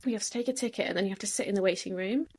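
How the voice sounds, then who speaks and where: A woman's voice: medium pitch, very fast, husky. A woman hosting a podcast, chatting casually and telling a story animatedly, acting out what people said. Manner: animated storyteller, acts out quotes. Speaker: podcast host. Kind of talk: casual chat.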